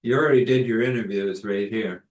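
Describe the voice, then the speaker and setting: A man's voice: lowish voice, a little fast, far from the mic, lightly acted. A man voicing a friendly, chatty plump older woman who runs a diner, in a roomy-sounding recording. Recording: roomy echo.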